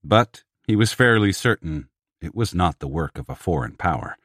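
Deep-voiced male audiobook narrator. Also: expressive, normal speed, a bit bright, husky, dry recording, clean studio sound. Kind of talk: scripted narration.

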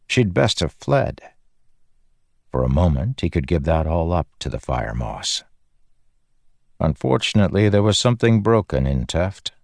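A man giving measured, scripted narration of a fantasy audiobook. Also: deep voice, gravelly, darkish tone, no echo, studio quality.

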